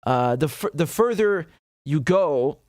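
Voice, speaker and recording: A man's voice: fairly high pitch, expressive, takes it slowly, darkish tone, no echo, clean studio sound. A man hosting a casual livestream, talking loosely, laughing often and breaking into Arabic phrases. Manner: chatty, laughs often, mixes Arabic and English. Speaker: show host.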